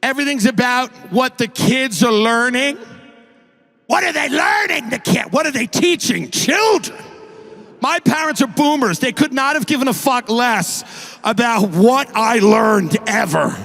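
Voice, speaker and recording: A man doing stand-up with a gravelly voice, ranting. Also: very high voice, lively intonation, a little slow, fairly bright tone. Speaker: stand-up comedian. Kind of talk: stand-up routine.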